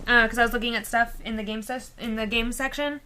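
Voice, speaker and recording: A woman co-hosting a podcast, telling a story in a casual, animated way with laughter. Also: fairly high pitch, fast talker, a little hiss or hum. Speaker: podcast co-host.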